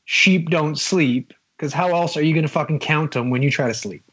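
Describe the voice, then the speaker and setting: A man in a casual group chat, making deadpan jokes and swearing. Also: fairly high pitch, fast, slightly rough. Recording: muffled lo-fi mic.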